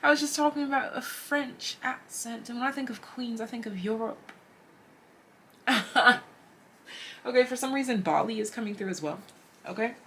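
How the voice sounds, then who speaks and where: A woman giving a casual, chatty tarot reading straight to her viewers, animated and slangy. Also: fairly high pitch, normal speed, pauses often, a little hiss or hum. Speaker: tarot reader.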